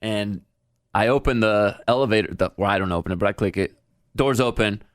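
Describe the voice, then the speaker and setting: A man's voice: fairly low pitch, fairly quick, dry recording, clean studio sound. A man hosting a casual podcast, telling a story with lots of animation and acting out what other people said. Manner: animated storyteller, acts out quoted voices. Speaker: podcast host.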